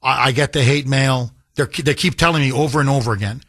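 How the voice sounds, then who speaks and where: A man's voice: mid-range voice, a little fast, few pauses, a bit bright, no echo. Emphatic talk-radio host man, dry sound. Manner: emphatic, confessional, repeats phrases for effect. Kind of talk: political talk radio monologue.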